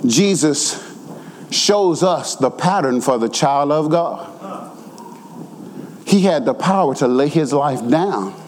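A man preaching a sermon, swelling into near-shouted, sing-song emphasis. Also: a little high, lively intonation, takes it slowly, pauses often, a little hiss or hum. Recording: long hall reverb.

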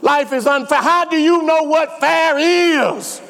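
His voice very high-pitched, slow, and gravelly, a middle-aged pastor preaches a sermon in an echoey hall. He tells his story with animation and emphasis, leaning on repetition.

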